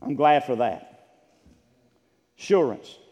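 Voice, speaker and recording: A man preaching a sermon in an emphatic, repetitive style with bursts of shouting. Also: medium pitch, expressive, slow. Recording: church sanctuary with long reverb.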